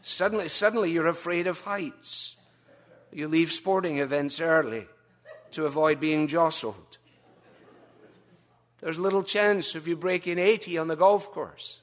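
A man preaching a sermon, wry and storytelling, with gentle humour, dropping soft and low for emphasis. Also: measured pace, pauses often.

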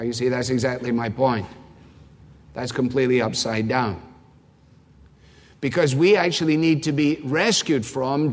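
A man preaching a sermon as pastor, emphatic and fond of repeating key phrases for effect. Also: on the high side. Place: large church sanctuary. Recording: long reverb of a large hall.

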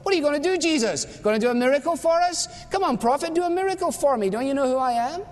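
A blustering, proud army commander put on by a preacher in a hall. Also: male voice, very high-pitched, animated, normal speed, voice pushed up. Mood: mocking. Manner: indignant, mocking, blustering. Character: proud enraged male army commander, boastful. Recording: long hall reverb.

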